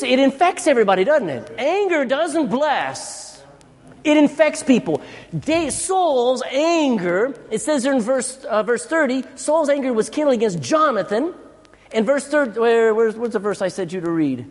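A man's voice: very high-pitched, sing-song, moderate pace. A male pastor preaching a sermon, emphatic and full of rhetorical questions. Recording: long hall reverb.

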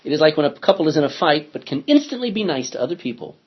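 A man's voice: on the high side, sing-song, very fast, slightly rough. A man, a pastor, teaching an interactive Bible study, reading scripture aloud and asking the class questions. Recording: dull lo-fi recording.

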